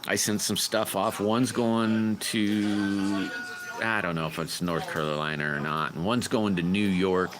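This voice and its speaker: A man's voice: low-pitched, steady tone, a little slow, noisy background. A man casually chatting with viewers on his livestream, rambling and greeting people by name. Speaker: livestream host.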